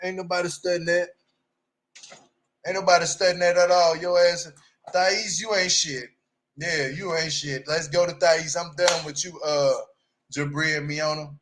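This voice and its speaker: Guy ranting about a reality show, high bright voice, blunt slangy trash talk, loud then mumbly. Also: steady tone, a little slow, slight background noise. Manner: swings loud and quiet, mock-imitates cast members. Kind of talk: casual reaction commentary.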